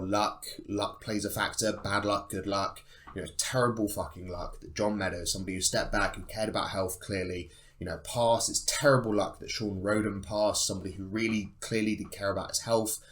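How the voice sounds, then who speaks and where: Emphatic, sarcastic man with a lowish voice. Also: fairly bright tone. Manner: emphatic, sarcastic, swears freely. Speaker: bodybuilding channel host. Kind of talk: opinionated monologue to camera.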